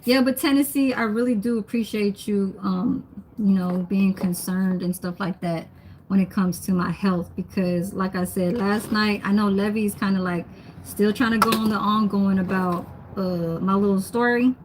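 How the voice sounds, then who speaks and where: Cooking in her home kitchen, a young woman hosts a livestream, chatting casually, reading comments, and laughing often. Her voice is mid-range with fairly even intonation at a normal speed, and there's slight background noise.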